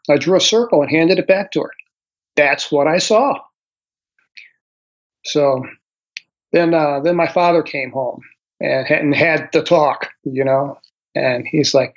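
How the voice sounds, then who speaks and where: A man in his sixties, a guest author recounting a personal experience slowly and thoughtfully, pausing often with ums and uhs. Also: on the high side. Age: 60s. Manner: slow, reflective storytelling with frequent pauses and fillers. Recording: dull lo-fi audio.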